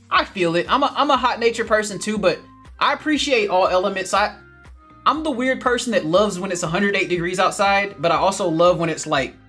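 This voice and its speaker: A man's voice: high-pitched, fairly bright tone. A man, hosting a casual livestream, upbeat and laughing often as he reads viewer comments. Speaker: livestream host reading chat.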